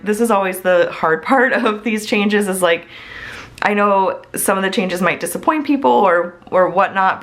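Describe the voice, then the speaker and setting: A woman in her thirties talks to her audience in a gushing, chatty way, filling her sentences with little fillers and laughs. Her voice sits a little low and sounds a bit strained and hoarse. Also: a bit bright. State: strained throat after a coughing fit. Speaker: small business owner and host. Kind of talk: casual chat.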